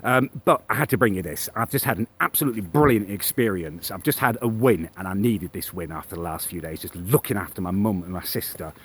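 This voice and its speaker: Man, husky, low, lively pitch, smug sneering rant, phone mic. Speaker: vlogger. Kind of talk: comedic character rant.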